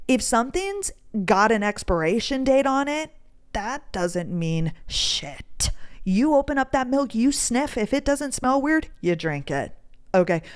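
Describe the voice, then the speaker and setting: Young woman, podcast host, casual storytelling, swears a lot, smooth clear voice. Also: mid-range voice. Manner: chatty, swears freely, lively quoting of others.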